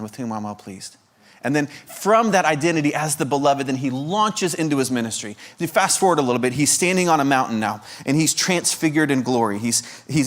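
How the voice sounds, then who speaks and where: Impassioned man preaching a sermon. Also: medium pitch. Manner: impassioned, with repeated rhetorical questions; restarts and stammered repetitions when pressing a point. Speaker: guest preacher.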